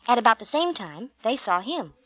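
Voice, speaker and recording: A woman with a fairly high voice reads a Bible storybook aloud in a gentle, clear way. The recording is dry and close, with no room sound. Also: big pitch swings, normal speed, no room sound, rough recording. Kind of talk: storybook narration.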